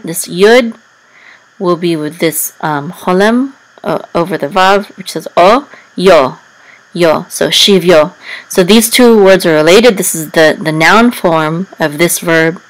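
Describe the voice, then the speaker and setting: A woman's voice: fairly low pitch, a little slow, low-quality recording. Patient woman teaching syllable by syllable. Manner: patient, careful, sounds out syllables and self-corrects. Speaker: Hebrew and Torah chanting teacher. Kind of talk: step-by-step language lesson.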